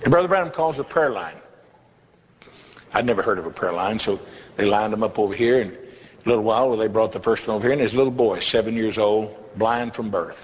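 Speaking fairly quickly in a slightly rough, lowish voice, an older man tells his testimony in church with homespun humor. The sound is dull and lo-fi, echoing around the hall.

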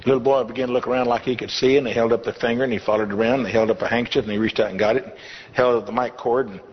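A man's voice: medium pitch, fairly even intonation, very fast, slight background noise. An older man preaching a testimony sermon in a church, telling his story in a folksy, humorous way. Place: church hall. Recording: dull lo-fi recording in a reverberant hall.

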